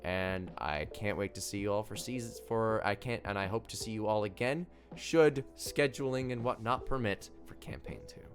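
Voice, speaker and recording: Low-voiced young man thanking viewers. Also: moderate pace, few pauses. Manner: upbeat, rambling with fillers. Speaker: game master. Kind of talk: closing thanks on a live stream. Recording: faint music behind.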